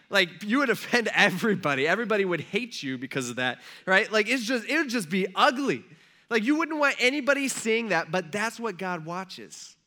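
A male pastor with a bright, forceful voice that sits a little high for a man. He preaches in a loose, conversational way and acts out the characters with humorous asides. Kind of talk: casual sermon.

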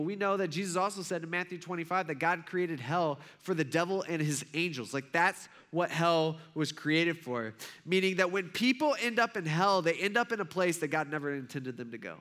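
Bright, animated male pastor preaching. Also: fairly high pitch. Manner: conversational, animated storytelling with filler words. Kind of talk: sermon with personal story.

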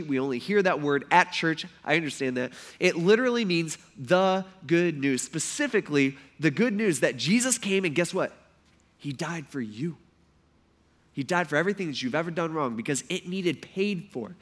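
A man preaching a sermon in a casual, animated way, acting out quotes loudly before a congregation. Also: on the high side, normal speed. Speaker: pastor. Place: church hall before a congregation.

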